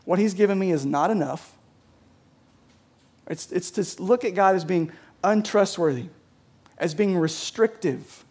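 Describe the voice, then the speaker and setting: A man's voice: sits high, a little slow, pauses often, darkish tone, slightly rough. A man preaching a sermon as a pastor, conversational, with many restarts and frequent "right?" checks to the congregation. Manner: conversational, repeats words, often asks "right?".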